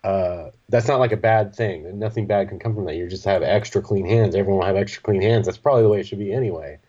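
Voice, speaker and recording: A man's voice: fairly low pitch, fast, dark tone, husky, dull audio. A man hosting a podcast, chatting casually and rambling, with many fillers and easy laughs. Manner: laid-back, rambling, frequent fillers and laughs. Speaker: podcast host.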